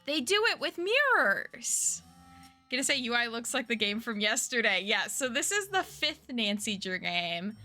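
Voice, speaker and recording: Lively bright-voiced woman streamer. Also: fairly high pitch, a little slow, faint music behind. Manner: chatty, reads chat aloud, gasps and laughs often. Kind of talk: casual game-stream chat.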